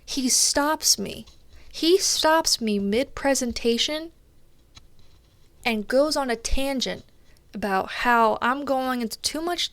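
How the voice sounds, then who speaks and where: A young woman streamer talks through a rant in an animated way, swearing freely. Her voice sits a little high. The sound is dry and close. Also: smooth, dry recording. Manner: animated storytelling, frequent swearing. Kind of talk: casual chat while gaming.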